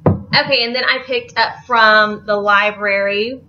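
A woman's voice: mid-range voice, steady tone, measured pace, pushed and bright, dull audio. A young woman, chatting casually and rambling about books she bought, laughing easily. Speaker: book vlogger. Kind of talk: casual chat.

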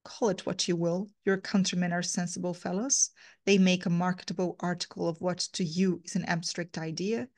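A woman's voice: lowish voice, level tone, normal speed, a little mellow, lightly acted. A woman reading aloud as a cynical, contrary Englishman who answers with dry, scoffing retorts.

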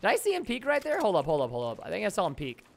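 A man's voice: sits high, huge pitch swings, very fast, gravelly. A young man giving chatty, mock-grumbling commentary while playing a video game. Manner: chatty, mock-grumbling, joking asides to viewers. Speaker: gaming YouTuber. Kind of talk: casual gameplay commentary.

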